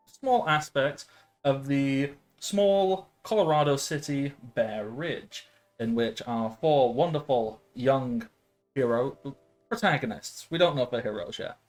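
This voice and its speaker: A man's voice: mid-range voice, lively intonation, slow pace, soft background music. A man in his late twenties running a tabletop game as game master, rambling with lots of filler sounds and frequent laughs. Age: late 20s. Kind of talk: casual tabletop game narration.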